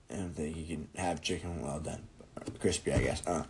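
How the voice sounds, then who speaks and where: A young man in his twenties hosts a solo podcast with a very low, deep voice. He rambles, jokes and swears freely. A faint hum sits behind his voice. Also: expressive, fairly quick, darkish tone, rough recording. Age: 20s. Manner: profane, rambling, jokey. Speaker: podcast host. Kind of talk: casual solo podcast monologue.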